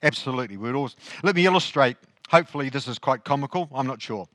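Conversational New preacher. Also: male voice, medium pitch, lively intonation, fast, fairly bright tone, no echo. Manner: conversational, asks the congregation questions. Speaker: pastor. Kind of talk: sermon.

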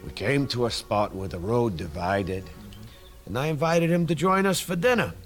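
A man's voice: medium pitch, expressive, moderate pace, soft background music, natural voice. A man playing a folksy older disciple in a church comedy skit, telling the tale with homespun sayings. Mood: wry.

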